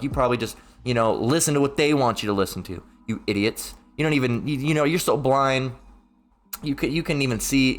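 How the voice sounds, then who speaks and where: A man delivering an angry, profane political rant, full of stumbling restarts as he reacts to an article. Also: mid-range voice.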